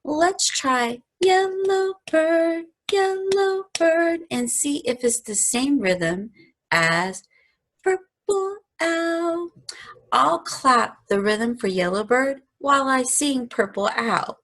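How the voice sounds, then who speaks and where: A woman teaching a children's music lesson, gently asking questions and singing short phrases and rhythm syllables. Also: high voice, expressive, takes it slowly.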